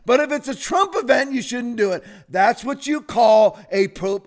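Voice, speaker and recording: A man with a notably high voice delivers opinionated commentary as a show host. He is sarcastic and fiery, breaking into sudden loud outbursts between stretches of mocking asides. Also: lively intonation, moderate pace, few pauses.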